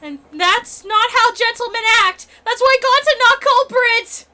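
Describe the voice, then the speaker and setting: A woman voicing a big, gentle, naive young man who speaks in earnest, broken sentences. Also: very high voice, unhurried, voice pushed up, exaggerated voice. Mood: earnest pleading. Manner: childlike broken grammar, earnest. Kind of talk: reading game dialogue aloud in a voice.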